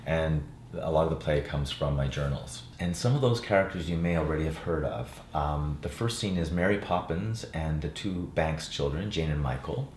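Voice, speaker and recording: An older man with a very low voice speaks in a relaxed, reflective way, often pausing on fillers. His voice sits in a roomy space with a faint hum of ambience behind it. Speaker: actor and playwright. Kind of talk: interview chat.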